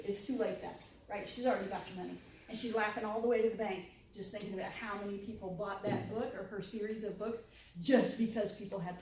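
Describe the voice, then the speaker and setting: A woman's voice: mid-range voice, a little mellow, a little hiss or hum. A woman giving an informal talk to a live audience, chatty, often asking "right?" and acting out quoted reactions. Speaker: lunchtime discussion presenter. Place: university room with audience. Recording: very echoey room, voice from far off.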